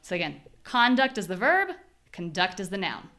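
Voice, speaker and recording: A young American woman teaching a live online pronunciation class, clearly drilling syllables and explaining word stress. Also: lowish voice, huge pitch swings, pushed and bright, a little hiss or hum. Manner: clear, demonstrative, repeats syllables slowly for drills.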